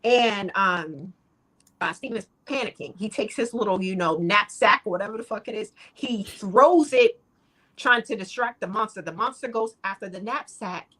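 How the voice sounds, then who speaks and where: A woman's voice: medium pitch, normal speed, fairly bright tone. A woman co-hosting a casual chat, retelling a plot loosely with slang and laughter. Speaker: co-host.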